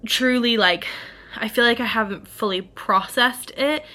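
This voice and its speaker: A woman's voice: fairly high pitch, a little slow, pushed and bright. A young woman talking to the camera in a casual vlog at home, rambling, laughing and getting emotional, with lots of "like". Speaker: small business artist vlogger. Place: at home, indoors.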